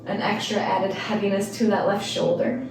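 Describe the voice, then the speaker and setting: A woman's voice: medium pitch, normal speed, a little hiss or hum. Yoga teacher lady talking you through breaths, chill and chatty, sounds roomy and kinda far from the mic. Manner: calm cueing with casual rambling asides. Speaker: yoga instructor. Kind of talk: guided yoga class. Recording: echoey room, mic at a distance.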